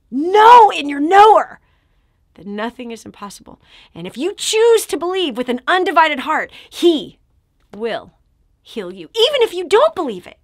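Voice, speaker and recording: A woman giving an emotional preaching testimony, swinging from loud exclamations to hushed whispers. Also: high-pitched, no room sound, clean studio sound. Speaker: Christian speaker giving a healing testimony.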